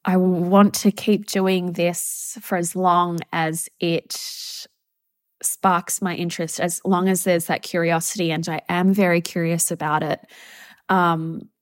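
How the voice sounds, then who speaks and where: A young woman talks on her solo podcast in a soft, halting, heartfelt way, pausing often. Her voice sits a little low and moves slowly. The sound is dry and close, with no room around it. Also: flat delivery, no room sound. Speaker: podcast host.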